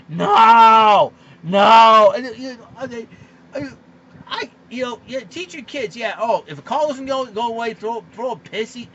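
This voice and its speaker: Exasperated, animated man ranting. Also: high-pitched. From Boston area. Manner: animated, exasperated, many fillers and restarts. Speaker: vlogger. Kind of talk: casual ranting monologue. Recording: slightly muffled lo-fi recording with faint background noise.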